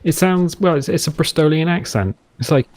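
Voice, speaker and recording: A man's voice: a little high, lively intonation, fairly quick, a little mellow. A British man casually commentating a survival game, rambling and playful, now and then slipping into mock pirate talk. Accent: English. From Britain. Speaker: gameplay commentator. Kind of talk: casual let's-play commentary. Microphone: headset.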